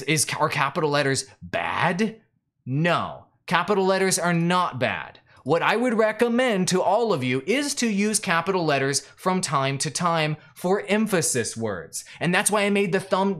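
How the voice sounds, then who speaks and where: A man hosting a live stream, coaching viewers in an emphatic, directive way. He speaks straight to the audience in a slightly higher-pitched voice. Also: a bit bright. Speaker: YouTube growth coach. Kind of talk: live-stream teaching monologue.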